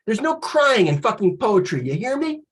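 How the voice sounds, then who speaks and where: A man voicing a gnarled old baseball coach who scolds and yells at his crying players. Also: high-pitched, big pitch swings, normal speed, breathy edge, exaggerated voice. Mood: scolding.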